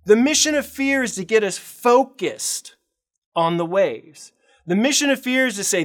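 A pastor preaching in a high, bright voice for a man. He tells the story with animated energy, surging loud on big moments and sinking almost to a hush, sometimes acting out the people in it. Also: a little slow. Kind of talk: sermon. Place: church.

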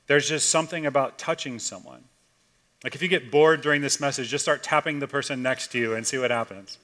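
A man, a pastor, preaching a conversational sermon and telling a story casually, swinging between loud and hushed. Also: mid-range voice, fairly even intonation, a little fast.

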